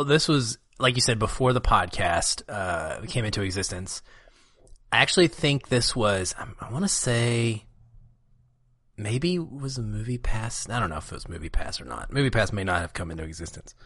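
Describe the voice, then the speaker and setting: A low-pitched man with a gravelly, creaky edge to his voice, chatting as a podcast co-host. He talks in a relaxed, reflective way, close to the mic in a dry, dead room. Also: no room sound. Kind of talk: casual podcast chat.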